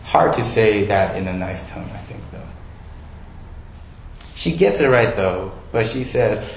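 Man preaching, slow and unhurried, roomy echo, faint hum behind. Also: fairly low pitch, lively intonation. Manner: conversational, asks listeners questions. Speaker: pastor. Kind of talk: sermon.

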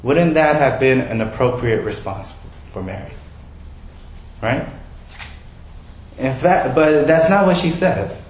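A man's voice: mid-range voice, expressive, takes it slowly, pauses often, echoey room, a little hiss or hum, low-quality recording. A male pastor giving a sermon in a conversational way, asking his listeners questions.

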